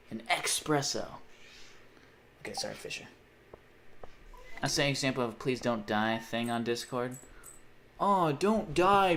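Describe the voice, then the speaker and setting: A young male livestreamer with a lowish, pushed, bright voice chats casually while gaming. He reads viewer messages aloud, rambles, and swears often.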